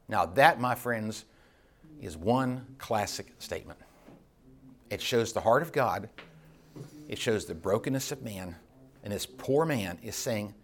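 A man's voice: lively intonation, a little slow, pauses often. Passionate man teaching a Bible class. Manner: passionate, builds up then drops low; conversational, with repeated restarts. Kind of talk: teaching sermon.

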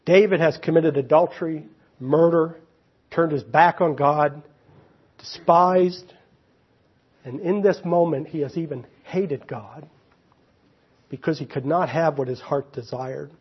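A man preaching a sermon, swinging between loud emphasis and quiet, near-whispered moments. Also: a little high, measured pace, long pauses, breathy edge, dull audio. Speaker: pastor.

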